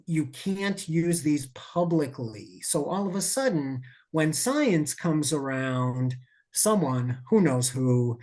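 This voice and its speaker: A man speaking as a podcast guest, telling a story in a lively, digressive way with asides and self-corrections. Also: on the high side. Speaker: podcast guest, safety expert. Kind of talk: conversational storytelling.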